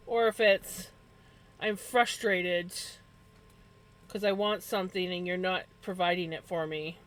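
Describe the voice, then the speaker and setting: A woman streamer chatting casually while crafting, talking to her cats and telling animated stories about them. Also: lowish voice, a little slow, poor audio. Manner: animated storytelling with playful voiced asides.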